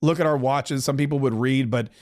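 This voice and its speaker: A man's voice: medium pitch, a little fast, darkish tone. A man hosting a political commentary podcast, talking in a joking, rambling way with chuckling asides. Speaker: podcast host.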